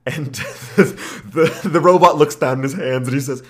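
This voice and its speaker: Animated man co-hosting a podcast. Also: a little high, measured pace. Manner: animated storytelling, laughs often. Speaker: podcast co-host. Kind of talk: casual chat.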